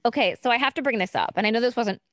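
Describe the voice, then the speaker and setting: A woman's voice: a little high, rapid-fire, no room sound. A woman co-hosting a sports talk show, giving her opinions in a chatty way with many fillers. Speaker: sports podcast co-host. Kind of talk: casual chat.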